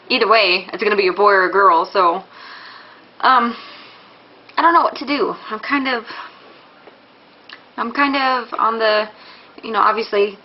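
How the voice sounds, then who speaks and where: A woman's voice: mid-range voice, lo-fi sound, a little hiss or hum. A young woman talking casually in a pregnancy vlog, rambling with many fillers and restarts, candid and a little embarrassed. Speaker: vlogger.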